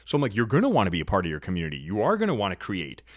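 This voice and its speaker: Lively lecturing man, low voice. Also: very fast, dry recording, studio quality. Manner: assertive, lecturing, shifts pitch and volume often. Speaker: podcast host. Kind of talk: casual opinionated monologue.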